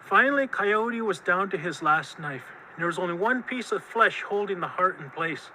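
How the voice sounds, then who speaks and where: Bright-voiced male storyteller. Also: sits high, moderate pace, a little hiss or hum, rough recording. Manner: lively, expressive, drawing out key moments. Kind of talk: oral storytelling of a traditional tale.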